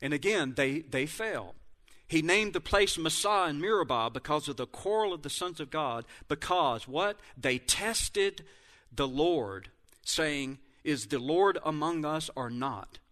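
A man leads a Bible lesson, moving between reading scripture aloud and laying out plain comparisons. His voice sits a little high and sounds bright and forceful, with small slips he openly corrects. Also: animated, a little slow. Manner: reads verses aloud, then compares them in plain explanation; corrects himself mid-reading. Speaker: Bible teacher.

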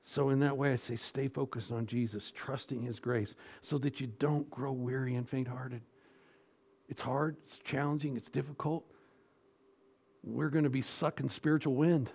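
A middle-aged male pastor delivering a sermon, moving between hushed, almost whispered reassurance and loud, emphatic exhortation. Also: mid-range voice, steady tone, normal speed, creaky, breathy edge.

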